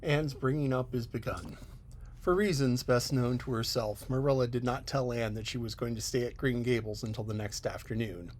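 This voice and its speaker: A male audiobook narrator reading a classic novel in a measured, even storytelling manner. His voice sits at an ordinary mid pitch for a man. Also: slight background noise.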